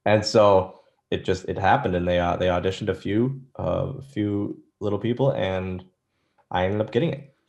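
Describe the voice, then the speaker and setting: A man's voice: low voice, fairly even intonation, normal speed, gravelly, darkish tone, dull audio. A man in his thirties telling rambling, self-deprecating stories as an interview guest, with lots of restarts. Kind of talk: casual storytelling interview.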